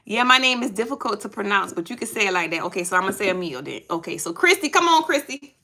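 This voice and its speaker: A woman's voice: medium pitch, very animated, fast, background noise. A woman reading tarot on a live stream, chatting casually with viewers and repeating herself as she sorts out names. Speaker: tarot reader.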